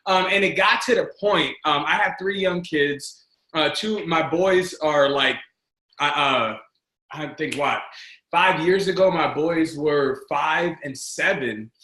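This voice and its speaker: Male guest in his thirties, earnest storyteller, bright high voice, roomy echo. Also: takes it slowly. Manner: earnest, repetitive, addresses listeners as guys. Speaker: interview guest. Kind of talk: emotional personal storytelling.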